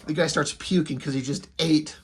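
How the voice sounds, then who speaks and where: A man's voice: on the high side, steady tone, moderate pace, background noise. A man casually recapping a comic book, loose and rambling, full of asides and fillers. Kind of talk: casual commentary.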